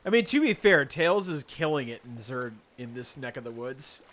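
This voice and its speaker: A man chatting casually on a live stream while gaming, telling animated, sarcastic stories and laughing often. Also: mid-range voice, normal speed.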